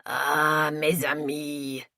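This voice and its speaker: A woman voicing a distraught, tearful old French man who speaks slowly and mournfully in an audiobook. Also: low voice, little pitch movement, pushed and bright, no room sound, heavily acted. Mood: despairing.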